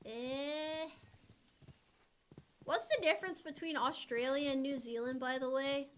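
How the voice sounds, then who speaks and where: A woman's voice: high voice, a little slow, fairly bright tone, a little hiss or hum. A woman from the United States streaming a game, chatting casually and playfully, often giggling and reading out chat messages. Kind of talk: casual live-stream chat while gaming.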